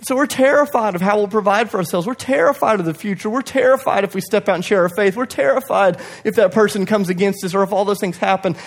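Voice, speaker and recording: Young male pastor with a slightly high voice. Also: fast, few pauses. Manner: passionate, swings from loud urging to hushed quiet; self-deprecating asides. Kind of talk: sermon. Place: church hall.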